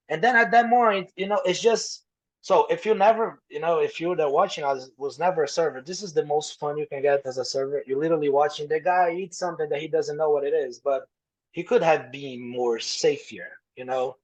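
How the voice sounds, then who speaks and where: A young man with a Brazilian accent, a native Portuguese speaker, sits in as a podcast guest. His voice sits a little high for a man, and he tells his stories in a loose, animated way. He slips into other people's voices mid-story and swears freely. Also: brisk, rough recording. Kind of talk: casual storytelling.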